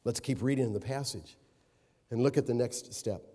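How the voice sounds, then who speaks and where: A man's voice: mid-range voice, normal speed, warm tone. A middle-aged man preaching a sermon, hammering key words through repetition and breaking into anecdotes with a chuckle. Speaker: pastor. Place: church sanctuary. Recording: long reverberant hall.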